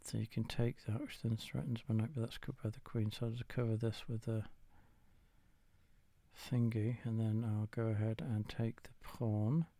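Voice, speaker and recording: A man's voice: lowish voice, little pitch movement, normal speed, warm tone, no room sound. A tired man, casually commenting while he plays a game of chess, muttering and swearing now and then. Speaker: gamer playing chess against the computer.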